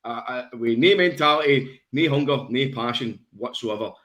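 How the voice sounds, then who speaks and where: A man's voice: medium pitch, normal speed, a bit bright. A Scottish man on a football podcast, boisterous and swearing, laughing through the banter. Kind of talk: casual post-match banter.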